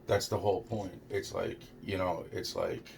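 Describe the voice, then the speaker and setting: A man's voice: low-pitched, level tone, normal speed, gravelly, a little mellow, slight background noise. A young man rambling through a personal story, stumbling over his words, repeating "it's like" and swearing a lot. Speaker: storyteller recounting a personal experience.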